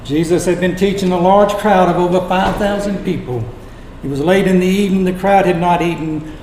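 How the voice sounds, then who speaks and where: A man preaching a sermon, retelling scripture as dramatic storytelling with long pauses. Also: high-pitched, fairly even intonation, darkish tone, a little hiss or hum. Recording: echoey room.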